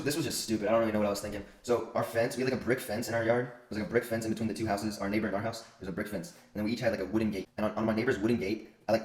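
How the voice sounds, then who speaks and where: A man's voice: fairly low pitch, echoey room. A young man telling funny stories about his childhood in casual, profane chat. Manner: fast, profane, joking. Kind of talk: casual storytelling monologue.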